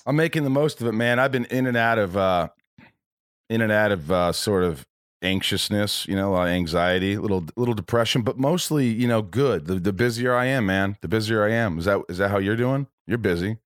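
A man's voice: lowish voice, brisk, no room sound, clean studio sound. A man hosting a podcast in casual chat, rambling and profane with many restarts. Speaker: podcast host.

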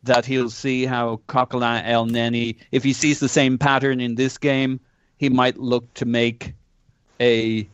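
Male guest, smooth resonant voice, relaxed, muffled lo-fi line. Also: mid-range voice, unhurried. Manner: relaxed, speculative, some stammering. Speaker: podcast guest. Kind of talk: casual chat.

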